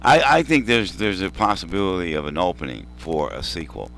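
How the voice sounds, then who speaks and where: A man with a very low voice co-hosts a casual film review chat. He tells his stories in a measured, conversational way, and a faint hiss sits under his voice. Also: expressive, creaky.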